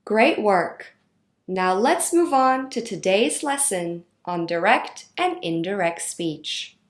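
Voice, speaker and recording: A woman reading out a grammar lesson in a clear, instructional way. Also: medium pitch, lively intonation, roomy sound. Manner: slow, clear instructional delivery. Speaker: teacher. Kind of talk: scripted lesson narration.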